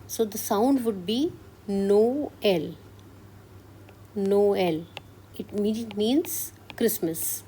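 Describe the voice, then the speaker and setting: A woman's voice: mid-range voice, warm tone, a little hiss or hum. Woman teaching a French lesson. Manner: explains step by step, checks in with "Clear?". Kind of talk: classroom-style language lesson.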